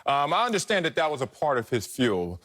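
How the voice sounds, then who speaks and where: A man's voice: fairly high pitch, very animated, a little fast, fairly bright tone. A man co-hosting a sports talk show, arguing his take in an emphatic, theatrical, teasing way. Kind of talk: animated sports debate.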